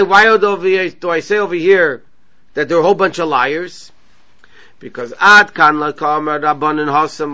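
A man's voice: sits high, pushed and bright. A man teaching a Talmud class, reading the text and translating line by line, restating each point in a synagogue study session. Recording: dull lo-fi recording.

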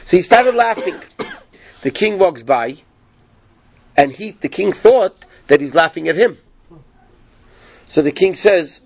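A man's voice: high voice, expressive, slow, pauses often, husky, no echo, dull audio. Man telling a Torah lesson story. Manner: conversational, asks "yeah?" of listeners. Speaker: Torah teacher.

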